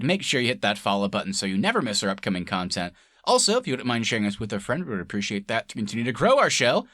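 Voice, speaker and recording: A man's voice: mid-range voice, sharp tone, no echo, studio quality. A man co-hosting a podcast, chatting casually and laughing often as he retells scenes. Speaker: podcast co-host. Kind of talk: casual chat.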